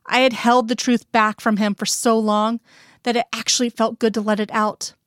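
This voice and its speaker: A woman's voice: on the high side, flat delivery, moderate pace, dry recording, studio quality. A woman reading a first-person story aloud in an earnest, intimate storytelling voice. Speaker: reader.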